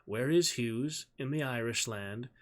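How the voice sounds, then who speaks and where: A man voicing a curious, earnest medieval boy who talks in a slow, formal, old-fashioned way. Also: medium pitch, natural voice. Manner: archaic formal speech, slow and deliberate.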